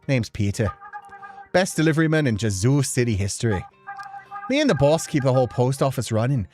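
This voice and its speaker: A woman voicing a fast-talking, anxious male mouse deliveryman with an Irish accent, in a pleading, theatrical way. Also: a bass voice, very animated, warm tone, faint music behind. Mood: boastful. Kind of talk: let's play voice acting.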